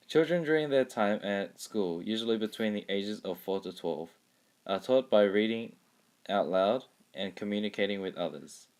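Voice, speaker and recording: A young man reading a prepared school presentation in a steady voice. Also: lowish voice. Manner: reads a prepared script steadily. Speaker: student presenter. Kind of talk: school project narration.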